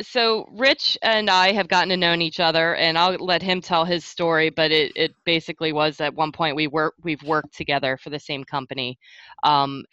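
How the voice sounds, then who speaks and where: Bright, crisp-voiced woman podcast host. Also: deep voice, dry recording, dull audio. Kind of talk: casual chat.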